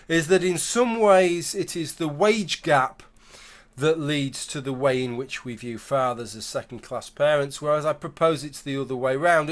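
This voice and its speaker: Man, fairly high voice, emphatic commentary with wry asides. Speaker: video commentator. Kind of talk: argumentative commentary.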